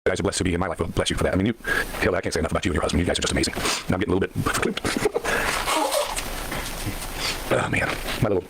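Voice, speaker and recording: A man's voice: deep voice, steady tone, racing, background noise. A man in a played livestream clip, rambling and sentimental and thanking his viewers with lots of fillers. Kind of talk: rambling heartfelt livestream talk.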